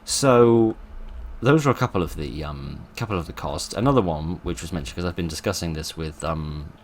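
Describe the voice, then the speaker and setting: A man with a very low voice talks through his channel's past and future in a loose, informal way. He weighs each point aloud, stopping and restarting often. A faint hiss sits under the recording. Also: expressive, normal speed. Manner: thoughtful, hesitant, many fillers and restarts. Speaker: channel host.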